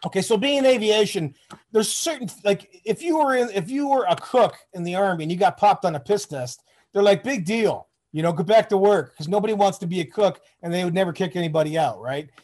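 A man's voice: high-pitched, brisk, a little mellow. A middle-aged man from Michigan, a former soldier, telling rambling, profane stories in a casual interview. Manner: rambling, profane, acts out quoted voices. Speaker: guest, Army veteran.

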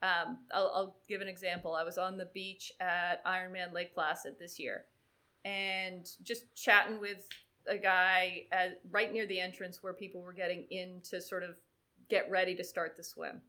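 A woman's voice: fairly low pitch, moderate pace. A woman sports psychologist guest, talking in a conversational interview and telling an anecdote with acted-out dialogue. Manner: animated storyteller, acts out quoted dialogue.

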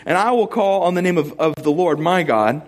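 A man voicing a lone, defiant male prophet who taunts his rivals with a raised, drawn-out voice. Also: on the high side, animated, voice pushed up, lightly acted.

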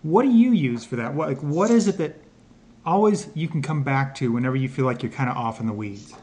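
A man hosting a podcast interview, enthusiastic and quick with affirmations. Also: mid-range voice, animated, darkish tone. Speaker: podcast host. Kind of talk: casual interview chat.

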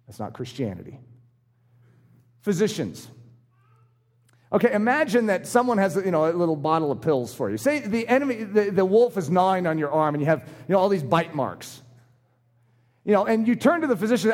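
Animated high-voiced male preacher. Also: a little fast. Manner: animated, acts out little voices in his illustrations. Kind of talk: sermon. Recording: long hall reverb.

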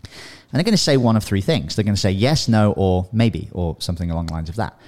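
A slightly low-voiced man coaches his listeners in a loose, chatty podcast style. He talks with animation, drops in "you know" and "right?" often, and slips into sample dialogues as he teaches. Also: fast talker, darkish tone. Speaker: podcast host and business coach. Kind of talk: casual coaching talk.

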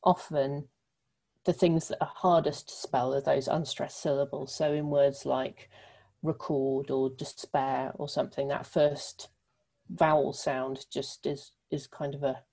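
A woman from the UK answers interview questions in a thoughtful, explanatory way. Her voice is low and mellow, and she pauses often on ums as she works through her points. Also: flat delivery, slightly rough, rough recording. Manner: thoughtful, filler-heavy explaining. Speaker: literacy researcher guest.

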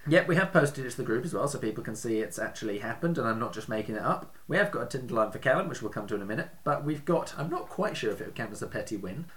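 A man's voice: medium pitch, animated, rapid-fire, few pauses, a bit bright. A man hosting a casual podcast, telling stories in a chatty way and laughing often. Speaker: podcast host.

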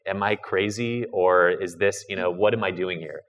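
Brief: low-voiced man, earnest, self-deprecating, encouraging newcomers in casual chat. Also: fairly even intonation, normal speed, fairly bright tone, lo-fi sound. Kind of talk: casual chat giving advice.

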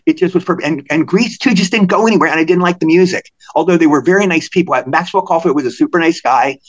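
Rapid-fire excitable older man, lo-fi sound. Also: a little high. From Cumberland, Maryland. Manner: rapid, excitable, repeats words and restarts. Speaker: guest actor. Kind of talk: animated storytelling in a podcast interview.

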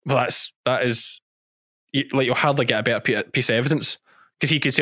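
A man, a former policeman turned sheep farmer, talks through his stories in a relaxed, rambling way. He laughs easily and repeats his points as he goes. His voice sits at a middle pitch, recorded close and dry with no room sound. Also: fast, no echo. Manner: chatty storytelling, laughs often, repeats himself. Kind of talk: casual podcast interview.

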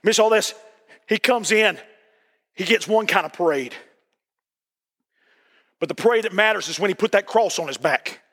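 A middle-aged male pastor preaching a sermon in a church. He repeats his phrases and breaks into emphatic shouting. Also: sits high, normal speed, long pauses, in a large hall. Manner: emphatic, repetitive, bursts into shouting.

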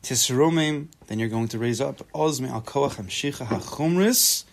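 A man's voice: medium pitch, moderate pace. Man teaching a casual Torah class. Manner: conversational, repeats words while thinking, joking asides; translates text phrase by phrase.

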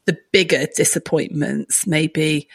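A woman's voice: low-pitched, takes it slowly, vocal fry, slightly rough. Chatty, reflective woman. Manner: chatty and reflective, laughs often. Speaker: podcast co-host. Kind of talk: casual conversation.

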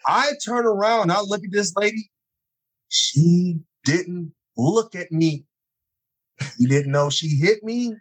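Middle-aged man, guest storyteller, animated, slightly higher voice, acts out every scene. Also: a little slow, breathy edge, rough recording. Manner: lively, acts out scenes with sudden high-pitched exclamations. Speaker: guest telling personal stories.

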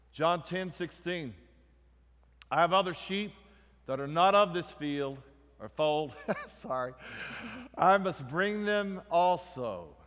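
A man preaching a sermon, swinging between loud emphatic lines and quiet ones. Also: on the high side. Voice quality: emphatic, rising and falling in volume. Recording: echoey hall reverb.

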